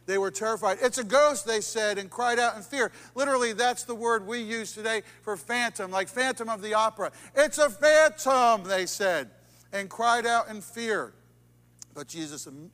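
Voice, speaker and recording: A male pastor preaching a sermon, swinging from loud emphatic lines down to hushed near-whispers. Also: high voice, long reverb tail. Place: church sanctuary.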